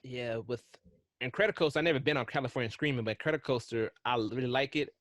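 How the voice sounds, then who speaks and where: A man co-hosting a casual podcast, telling excitable, rambling stories with frequent restarts. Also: mid-range voice, quick pace, dry recording. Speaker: podcast co-host.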